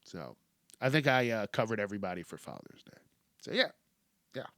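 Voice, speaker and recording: A man's voice: fairly low pitch, big pitch swings, brisk, a bit bright, dry recording, studio quality. A man hosting a solo show, ranting bluntly and swearing a lot. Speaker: podcast host.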